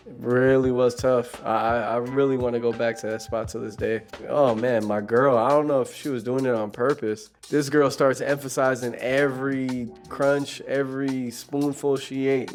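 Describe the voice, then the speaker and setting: A young man casually telling a story, laid-back and slangy, with light music behind. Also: medium pitch. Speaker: vlogger.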